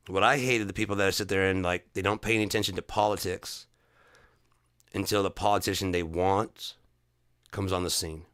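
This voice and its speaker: A man's voice: deep voice, fairly even intonation, a little slow, pauses often, fairly bright tone, smooth, no echo, clean studio sound. A man hosting a casual livestream chat, ranting heatedly with frequent swearing and rambling restarts. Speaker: livestream host.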